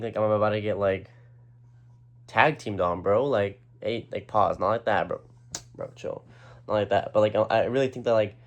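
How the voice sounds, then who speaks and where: A young man casually telling a rambling story, full of slang and fillers. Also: fairly low pitch. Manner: rambling, slangy, lots of "like" and "bro".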